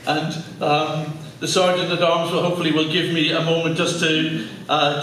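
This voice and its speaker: A man's voice: high voice, fairly bright tone, slight background noise. Irish man lecturing in an echoey hall. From Ireland. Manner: conversational, jokey asides with audience. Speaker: speaker giving a public talk. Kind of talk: lecture to a live audience. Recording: echoey hall, mic at a distance.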